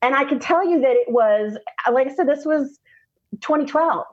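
A woman, a podcast guest telling a personal story candidly, laughing often and slowing down for emphasis. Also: high-pitched, highs cut off.

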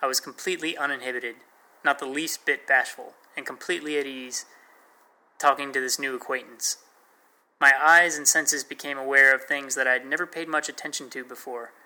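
A man's voice: mid-range voice, steady tone, normal speed, pushed and bright, low-quality recording. A man narrating a first-person memoir in a plain, wry storytelling manner.

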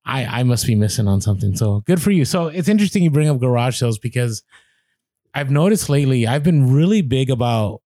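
A man co-hosts a podcast, talking in a loose, reflective way. His voice is mellow and dark at a middle pitch. The sound is dry and close. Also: lively intonation, brisk, dry recording. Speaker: podcast co-host. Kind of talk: casual chat.

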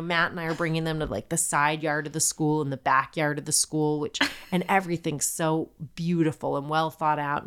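A woman in her thirties co-hosting a podcast, telling a story in casual chat, swearing freely and acting out the people she quotes. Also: deep voice. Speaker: podcast co-host.

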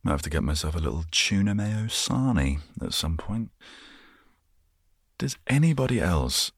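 A man in his twenties from England hosts a casual solo podcast, rambling and musing and easily amused by his own tangents. His low voice is animated, with vocal fry, at normal speed, captured in a dry, studio-quality recording.

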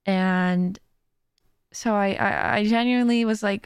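Talking a little slowly in a clean, mid-range voice, a young woman, a podcast host and streamer, rambles casually on her own podcast. She's close to the mic, with lots of fillers and giggles and no echo.

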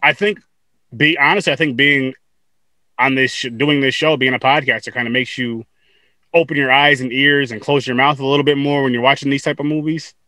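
A man's voice: medium pitch, fairly even intonation, a little fast, bright, forceful tone, dry recording. A man hosting a podcast, chatting casually with guests, laughing often and repeating words as he talks. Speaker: podcast host. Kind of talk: casual interview chat.

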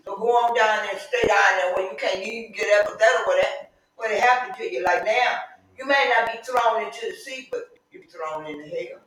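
A middle-aged woman teaching Sunday school in a church, preaching fervently and mixing in chatty personal stories, often rising to emphatic shouts. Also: mid-range voice, normal speed, a little hiss or hum. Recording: echoey room, mic far off.

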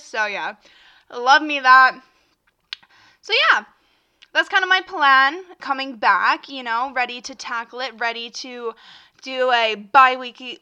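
Young woman podcaster rambling away w/ hiccups, kinda high, smooth clear voice. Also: sharp tone. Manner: chatty and rambling, many fillers and self-interruptions. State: has the hiccups. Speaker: podcast host. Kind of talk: casual solo podcast chat.

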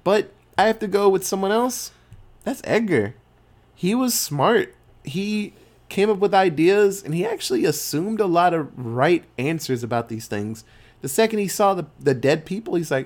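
A man co-hosting a podcast, retelling a horror movie plot with lively acted-out quotes and casual swearing. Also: high voice, moderate pace. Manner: animated storytelling with quoted voices, swearing. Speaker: podcast co-host.

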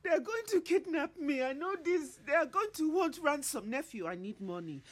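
A woman's voice: on the high side, expressive, moderate pace, a little mellow, breathy edge. A woman voicing a hysterical aunt who screams and pleads in a voicemail during a wedding-day robbery. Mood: pleading. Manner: shrieking, frantic, pleading. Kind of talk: played voicemail.

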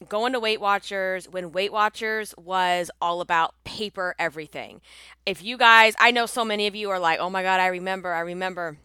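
A congested woman hosts her own casual podcast, chatty and upbeat. Her voice is bright and crisp despite the stuffiness. The recording is dry, with no room sound. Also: medium pitch, no echo. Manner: chatty, upbeat, laughs often. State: congested from allergies. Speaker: podcast host and coach.

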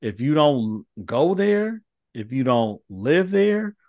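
A man's voice: on the high side, takes it slowly, dry recording. Laid-back man hosting a podcast. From Los Angeles. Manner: relaxed, emphatic, peppered with "you know what I'm saying". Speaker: podcast host. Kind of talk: casual conversation.

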